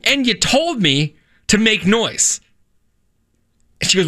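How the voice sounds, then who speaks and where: A man's voice: high voice, slow pace, long pauses. A man hosting a radio show in a studio, telling a story in casual banter and acting out the quotes. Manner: animated storyteller, acts out quotes.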